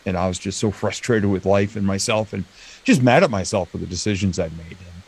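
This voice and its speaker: An American man, a motivational speaker and comedian, telling stories as an interview guest with lively acted-out quotes over a video call. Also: deep voice, brisk, gravelly, breathy edge. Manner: animated storyteller, acts out quoted lines. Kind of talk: storytelling interview chat.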